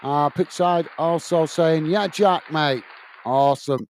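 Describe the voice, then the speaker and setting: A man's voice: a little high, takes it slowly, a little mellow, a little hiss or hum. A man hosting a live football watch-along, casually reading out and answering viewer comments with plenty of fillers. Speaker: host.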